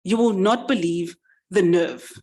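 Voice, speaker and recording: A woman's voice: on the low side, measured pace, darkish tone. A woman voicing an indignant, panicky little male mouse, pleading urgently. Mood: outraged.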